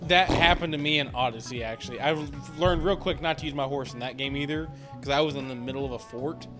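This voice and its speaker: A man's voice: mid-range voice, quick pace, music in the background. A man co-hosting a podcast, chatting casually and laughing as he tells a story. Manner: laughs while telling a story. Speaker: podcast co-host. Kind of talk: casual chat.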